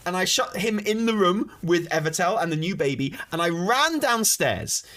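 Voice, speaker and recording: A man and channel host telling a wild story in a casual, animated way, swearing and laughing as he goes. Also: high-pitched, moderate pace.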